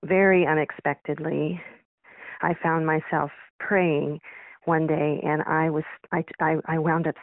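A woman's voice: sits low, little pitch movement, a little slow, dry recording. Woman caller on a tinny phone line, thoughtful, kinda hesitant, asking her question. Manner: thoughtful, searching, slightly hesitant.

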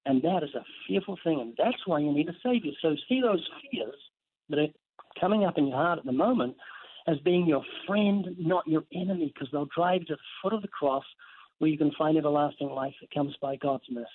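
Guy preaching hard on a phone call, kinda high voice, sounds all tinny. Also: lively intonation, brisk. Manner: earnest, vivid storytelling with scripture quotes. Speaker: guest author. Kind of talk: evangelistic preaching in an interview.

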